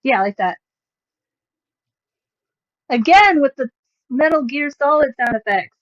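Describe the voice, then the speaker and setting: A woman's voice: high voice, animated, unhurried, muffled recording. A woman livestreamer chatting casually, rambling with sarcastic, self-mocking asides.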